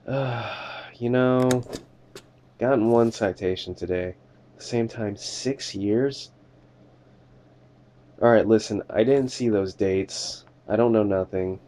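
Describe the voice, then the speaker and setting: A man's voice: mid-range voice, mellow. A young man giving casual, jokey game commentary, talking to the characters as a border inspector and swearing now and then. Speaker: gamer doing a let's play.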